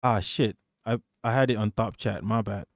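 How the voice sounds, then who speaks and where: A man's voice: lowish voice, moderate pace, no echo, studio quality. A man live-streaming, reacting to a video and his chat in brash, profane casual talk.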